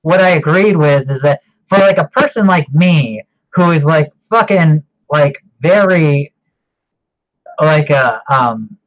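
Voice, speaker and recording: A man's voice: a little high, animated, slow pace. A man co-hosting a casual podcast chat, rambling and swearing freely, laughing often as he talks. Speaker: podcast co-host. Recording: dull lo-fi audio.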